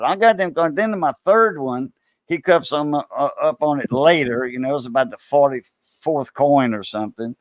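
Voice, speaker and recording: A man's voice: on the high side, normal speed. A man with a Cajun Louisiana accent, hosting a casual coin-collecting live stream and animatedly telling stories, acting out other people's voices. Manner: animated storyteller, acts out quoted voices. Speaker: coin-collecting channel host.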